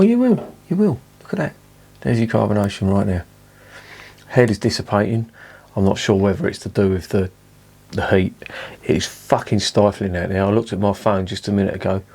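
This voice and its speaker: Indoors at home with the curtains drawn, a man casually reviews a beer, chatty, self-mocking and swearing freely. His voice is lowish with a darkish tone.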